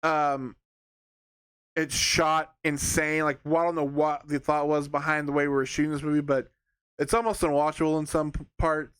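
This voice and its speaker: A young man talks through a film review in a loose, rambling way, full of fillers and false starts. His voice sits a little high for a man and sounds smooth and clear. The recording is dry and close, with no room sound. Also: little pitch movement, normal speed, fairly bright tone, no room sound. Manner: rambling, sarcastic, lots of fillers and restarts. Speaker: movie reviewer. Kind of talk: casual spoken film review.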